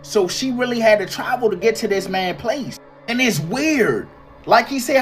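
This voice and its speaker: A woman reacts to a creepy clip in an animated, slangy way, calling her viewers y'all and swearing freely. Faint music sits under her voice. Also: fairly high pitch, moderate pace. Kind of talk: reaction commentary on a video.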